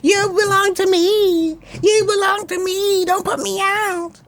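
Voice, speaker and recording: A man putting on the voice of his pleading, tearful young wife in a high falsetto. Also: flat delivery, slow, a bit bright, heavily acted.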